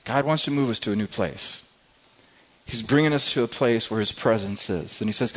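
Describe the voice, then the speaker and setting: Male pastor, mid-pitched, earnest sermon delivery with many restarts, slightly muffled recording. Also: steady tone, fairly quick. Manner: earnest, repeats words often while searching.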